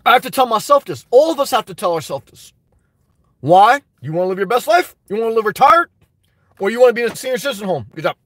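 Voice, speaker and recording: A man's voice: sits high, big pitch swings, fast talker, a bit bright, no echo. A man hosting a live stream, reading viewer comments and giving emphatic, fired-up advice. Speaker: YouTube live stream host.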